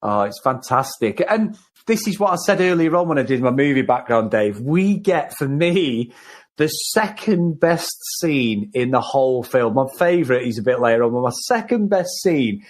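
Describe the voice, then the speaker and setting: A man co-hosting a film review podcast, chatting casually, excitable and rambling, laughing as he goes. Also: mid-range voice, moderate pace. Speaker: podcast co-host.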